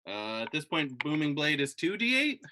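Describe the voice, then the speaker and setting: A man playing a tabletop game, calling out his rolls in casual chat and getting loud when excited. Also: a little high, normal speed, slight background noise. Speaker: player.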